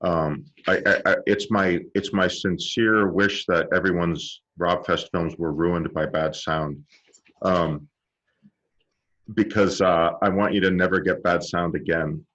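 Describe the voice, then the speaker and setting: A man teaching an online film class, explaining with live demonstrations and halting restarts, speaking into a directional microphone. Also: low-pitched, fairly even intonation, fairly bright tone, dull audio. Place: room with a cluttered table.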